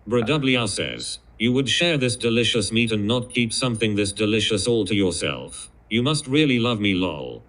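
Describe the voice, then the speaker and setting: A computer-generated male voice reads viewer messages aloud. It has a flat, synthetic delivery and sits slightly low in pitch. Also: normal speed, few pauses. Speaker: text-to-speech chat reader.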